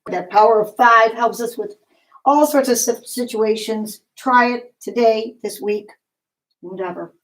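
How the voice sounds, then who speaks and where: A woman leading a yoga class, giving calm, encouraging step-by-step cues. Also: a little high, a little slow, poor audio. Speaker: yoga instructor. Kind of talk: guided yoga class instruction.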